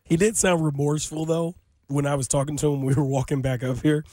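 Brief: male co-host, mellow and warm, a touch higher pitch, easygoing, dry studio. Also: steady tone, brisk, no echo. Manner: easygoing, self-deprecating. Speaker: radio show co-host. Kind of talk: casual sports radio banter.

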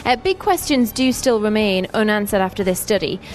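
A woman's voice: medium pitch, animated, brisk. A woman co-hosting a radio show, talking in a chatty, playful way. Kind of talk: casual radio banter.

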